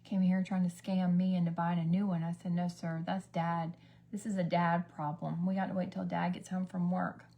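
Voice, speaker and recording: A beauty vlogger's voice is on the low side, creaky and dark, with flat delivery at a moderate pace. Doing her makeup in a casual get-ready-with-me livestream, she chats and drifts between stories, sometimes dropping to a whisper.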